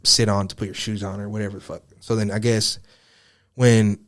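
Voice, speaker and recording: Fast-talking young man telling a story. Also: fairly low pitch, flat delivery, fairly bright tone. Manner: profane, rambling, heavy use of filler words. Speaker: podcast guest. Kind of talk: casual storytelling.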